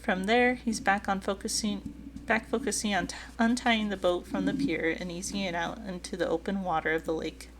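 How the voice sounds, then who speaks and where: A woman's voice: medium pitch, fairly even intonation, normal speed, background noise. A woman streamer reading a dating game aloud, giggling and gushing in her asides.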